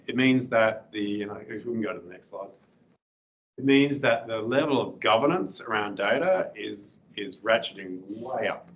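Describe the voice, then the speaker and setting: A middle-aged man giving a guest lecture with slides, hoarse and clearing his throat, speaking haltingly with many fillers and restarts. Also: on the low side, fairly bright tone, muffled recording, a little hiss or hum.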